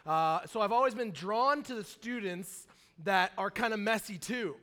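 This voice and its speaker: A man's voice: high voice, normal speed, bright, forceful tone. A man in his thirties, a pastor telling a story in a sermon, casual and chatty, with many fillers and asides.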